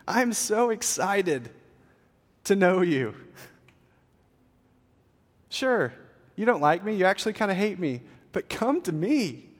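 A preacher acting out an eager, tender God, calling out in a high, fervent plea. The voice is raised well above his normal speech and rings in a long hall reverb. He sounds patient and welcoming. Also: heavily acted.

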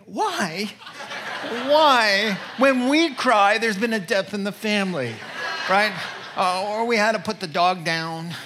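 A man's voice: sits high, unhurried, sharp tone, a little hiss or hum. A middle-aged man preaching a humorous sermon, telling stories and joking directly with his listeners. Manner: joking, storytelling, addresses the audience directly. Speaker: pastor.

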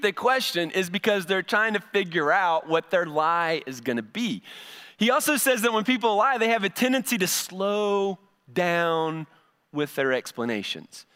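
High, bright-voiced pastor telling a story. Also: male voice, normal speed, clear, resonant tone. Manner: folksy, animated storytelling with acted-out voices. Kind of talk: sermon. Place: church service before a congregation.

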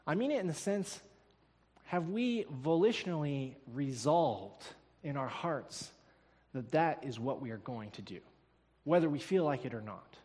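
High-voiced preacher in an echoing church. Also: male voice, lively intonation, a little slow, slightly rough. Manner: emphatic, builds to loud declarations. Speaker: pastor. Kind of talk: sermon. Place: church sanctuary. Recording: long reverb of a church hall.

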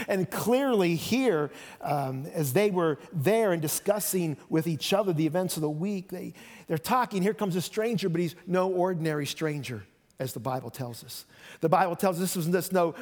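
Man, pastor, sermon, animated storytelling, high-pitched, reverberant church. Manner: conversational, animated retelling with voiced quotes. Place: church sanctuary. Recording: long reverb of a church hall.

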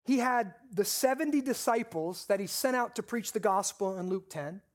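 A pastor of medium pitch and lively intonation preaches, leaning on repeated, emphasized phrases. Key lines come more slowly, and he poses questions to the congregation.

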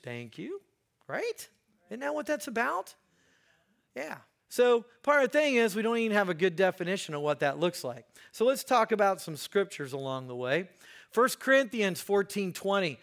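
Guy preaching a sermon, fairly high voice, slow and deliberate, gets loud and worked up then drops way down. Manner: animated, emphatic preaching with sudden jumps in pitch and loudness. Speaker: pastor.

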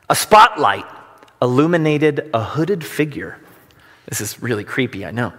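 Bright-voiced man preaching in a reverberant hall. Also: on the high side. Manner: conversational, self-deprecating humor. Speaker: pastor. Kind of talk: sermon.

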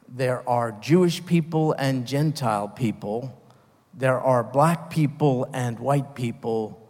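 A man's voice: medium pitch, darkish tone, big-room sound. A man preaching a sermon, earnest and emphatic, stopping and restarting as he builds his points. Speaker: pastor.

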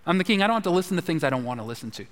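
Man putting on arrogant king, brash, dismissive, high voice, long reverb. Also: sing-song, rapid-fire. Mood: defiant. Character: arrogant defiant male king.

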